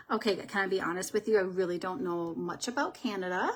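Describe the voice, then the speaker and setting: Woman, makeup livestream host, casual chat, rambling storyteller, middle pitch. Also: fairly quick, hardly any pauses, a little hiss or hum.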